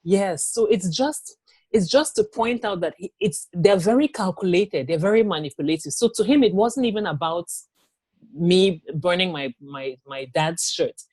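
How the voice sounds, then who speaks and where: A woman telling her own story in an interview, speaking haltingly with many fillers and restarts. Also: on the low side, darkish tone, breathy edge, dry recording. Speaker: interview guest. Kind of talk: personal testimony in an interview.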